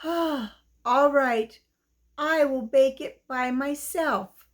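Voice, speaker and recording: A woman's voice: high voice, drawn-out words. A woman voicing a tired, hardworking mother hen in a children's story, speaking patiently.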